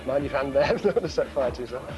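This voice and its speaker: A man's voice: mid-range voice, fast talker, music in the background. Cheeky man doing street patter. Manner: cheeky, chatty, joking. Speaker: host, street magician. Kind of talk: comic street patter to camera. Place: city street, outdoors.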